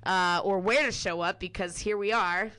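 A woman's voice: mid-range voice, steady tone, normal speed, bright, forceful tone, clean tone. A woman co-hosting a casual podcast, swearing freely and sarcastic, breaking into laughter. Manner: profane, sarcastic, laughs a lot. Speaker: podcast co-host.

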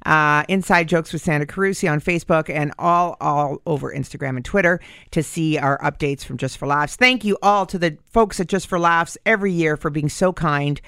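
A woman's voice: sits low, normal speed, few pauses, fairly bright tone, no echo. A woman hosts a radio comedy show, rambling cheerfully through her anecdotes. Her voice sits in a dry studio with no room sound. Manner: chatty storyteller. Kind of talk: casual radio chat.

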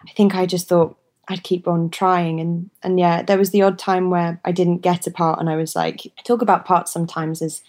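A woman's voice: lowish voice, level tone, moderate pace, darkish tone. A woman in her twenties chatting as an interview guest, laughing often and hedging her words. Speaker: actress, guest. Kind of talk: casual interview chat.

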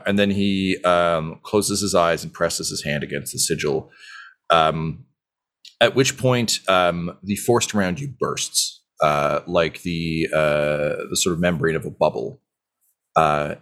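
A man runs a tabletop game, narrating scenes with plenty of pauses and filler words. His voice is very low. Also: fairly bright tone. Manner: hesitant, full of ums and uhs. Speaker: game master.

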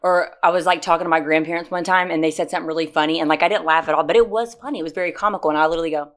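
A woman co-hosting a podcast, telling stories in a casual, profane, animated way. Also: fairly low pitch, rapid-fire. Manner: profane, animated storytelling with laughter. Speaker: podcast co-host. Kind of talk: casual chat.

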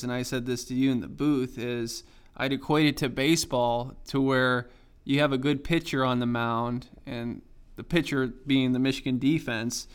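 A man's voice: medium pitch, clear, resonant tone. A man giving a post-game football analysis, making his case through a baseball comparison. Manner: argues a point with a sports comparison. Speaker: sports analyst.

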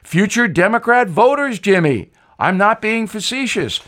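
A man's voice: high voice, sing-song, unhurried, a bit bright, voice pushed up, full character voice. A man voicing a bumbling, bewildered older president in a whiny tone. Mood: befuddled.

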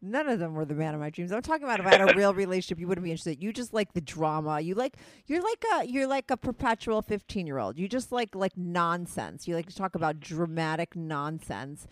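A woman's voice: lowish voice, lively intonation, fairly quick, few pauses, no echo. Woman, 30s, New Jersey accent, blunt, chatty, teasing, dry recording. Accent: New Jersey or New York. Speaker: podcast host. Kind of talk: casual chat over a phone call.

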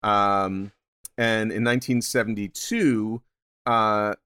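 A man's voice: lowish voice, steady tone, slow, sharp tone, smooth, no room sound, clean studio sound. A man co-hosting a podcast in casual chat, laying out a band's history and joking along. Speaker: podcast co-host.

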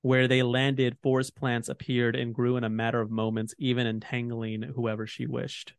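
A man co-hosts a casual podcast, explaining fantasy game lore in a loose, rambling way full of fillers. His voice sits at an ordinary middle pitch. The recording is dry, with no room sound. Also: little pitch movement, moderate pace, clean tone, dry recording. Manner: rambling, heavy on fillers like "you know" and "like". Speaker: podcast host.

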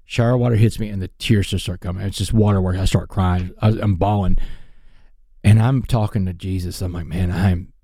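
An earnest man tells his story with energy and feeling. His voice is mellow and dark, recorded close in a dry studio. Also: sits low, steady tone, brisk, dry recording. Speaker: guest. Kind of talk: storytelling interview.

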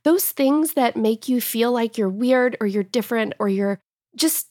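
A woman's voice: on the high side, measured pace, darkish tone, no echo, studio quality. A woman in her thirties, a guest talking earnestly and emotionally in a casual interview, at times choked up. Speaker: guest author.

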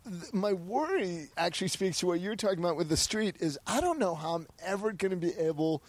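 High-voiced excitable man. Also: brisk, dry recording. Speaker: guest. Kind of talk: casual chat.

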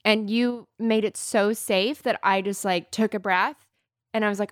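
A woman co-hosting a podcast shares a personal story, earnest and halting, often restarting her sentences. Her pitch is ordinary and the room sounds dry and close. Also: steady tone, no echo. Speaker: podcast co-host.

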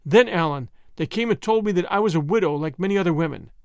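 Marie, a grieving young Boer woman, soft and earnest, read by a man in a bright, close, dry audiobook voice. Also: high-pitched, quick pace, no room sound. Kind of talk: audiobook reading.

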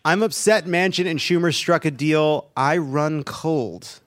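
A man's voice: on the high side, unhurried. A man hosting a comedic live podcast, mock-outraged and laughing often. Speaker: host. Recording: live show with audience and noise.

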